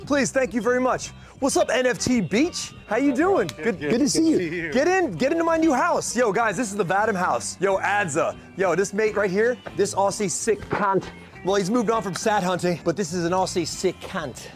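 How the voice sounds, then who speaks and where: A man's voice: sits high, expressive, normal speed. A man hosting a show, greeting people and joking crudely as he walks through a venue, a bit out of breath. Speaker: show host. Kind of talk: casual walk-through vlog. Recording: music playing loud behind.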